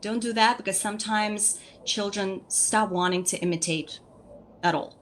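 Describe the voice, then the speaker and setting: With a crowd audible behind her, a woman of medium pitch and moderate pace explains speech activities for young children to parents. She is a guest speech therapist: patient, repetitive about the essentials, and quick to ask "okay?" after every point.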